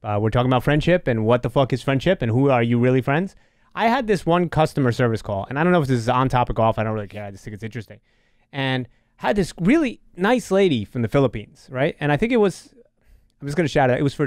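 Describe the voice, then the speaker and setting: A man's voice: mid-range voice, dry recording, studio quality. A man hosting a live podcast, telling a story with profanity and acting out the people in it. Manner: animated, profane, acts out quotes. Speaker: podcast host.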